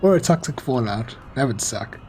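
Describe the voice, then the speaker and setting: In an animated, medium-pitched voice with a darkish tone, a young gaming streamer talks at a normal pace, commenting on his game and chatting with viewers in a laid-back, self-mocking way. Faint music and a bit of hiss or hum sit in the background.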